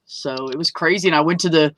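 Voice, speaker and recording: A woman telling a personal story at an open mic, animated, swearing freely and laughing mid-story as she acts out the people in it. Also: low-pitched, quick pace, no echo. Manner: acts out quoted voices. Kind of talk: casual storytelling.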